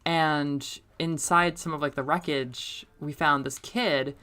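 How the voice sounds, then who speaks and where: A young woman streaming a game and chatting casually, rambling between topics, laughing often and getting suddenly loud when excited. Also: low-pitched, slow pace. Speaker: streamer and middle school teacher. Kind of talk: casual chat while playing a game.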